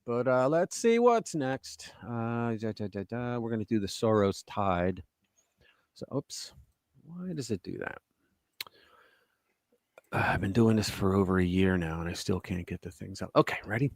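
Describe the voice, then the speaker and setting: A middle-aged man hosting a live political commentary stream, animated and sarcastic, stopping to react while he reads headlines aloud. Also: mid-range voice, normal speed, no echo. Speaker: host.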